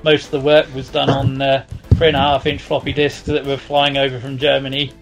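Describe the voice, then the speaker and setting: Man with a flat, level voice. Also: mid-range voice, fairly quick, music in the background. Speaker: guest, magazine co-editor. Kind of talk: casual reminiscing.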